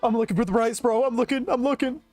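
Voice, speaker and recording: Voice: medium pitch, quick pace, a little mellow, soft background music. A streamer chatting casually on a livestream, joking and pleading melodramatically.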